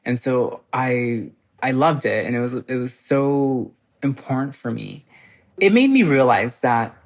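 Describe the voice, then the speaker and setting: Fast-talking animated woman guest. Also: extremely low pitch. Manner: animated, fast storytelling with many "like" fillers. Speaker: podcast guest. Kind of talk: casual chat.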